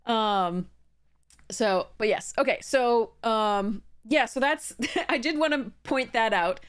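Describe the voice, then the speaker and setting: A woman's voice: fairly high pitch, takes it slowly, smooth. A young adult woman streaming a card game, chatting casually and rambling with frequent ums and restarts. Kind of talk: casual live-stream chat.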